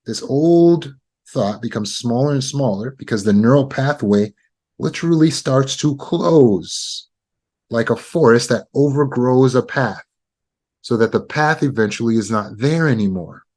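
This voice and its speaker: A man with a medium-pitched, darkish voice speaks in an animated but unhurried way. A trauma recovery teacher, he gives a self-help lesson on overcoming insecurity, guiding the listener step by step and repeating his key points.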